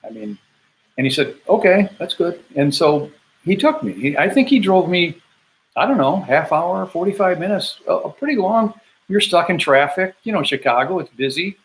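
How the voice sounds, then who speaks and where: A man's voice: high-pitched, lively intonation, moderate pace, low-quality recording. A man in his seventies from Michigan, a Vietnam veteran casually telling his homecoming story, rambling with fillers and acting out the dialogue. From Grand Rapids, Michigan, USA. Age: 70s. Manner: rambling, acts out quoted dialogue, frequent fillers and restarts. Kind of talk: casual first-person storytelling.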